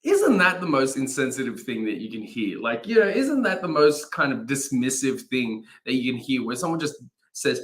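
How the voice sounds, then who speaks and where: A young man talks through a morning devotion into a phone or laptop mic, loose and conversational. His voice sits at an ordinary middle pitch with a bright, forceful edge. He rambles, restarts sentences and breaks into laughter easily. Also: sing-song, a little fast. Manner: chatty and rambling, many fillers and restarts, laughs often. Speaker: chaplain leading a daily devotion. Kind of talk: casual live-streamed devotional talk. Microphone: phone or laptop mic, no studio setup.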